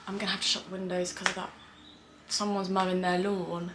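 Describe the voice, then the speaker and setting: This casual reaction vlog features a young British screenwriter chatting about a show at home, windows open against the heat. Her medium-pitched voice is flat and a little fast, she swears and uses plenty of fillers as she rambles, and the background is noisy.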